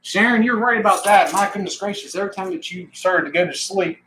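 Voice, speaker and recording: A slightly higher-voiced man talks casually on a live stream, a little winded as he chats. He greets viewers by name and laughs easily. Coins and machinery clatter clearly behind him. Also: quick pace, bright, forceful tone, a little hiss or hum, rough recording. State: out of breath.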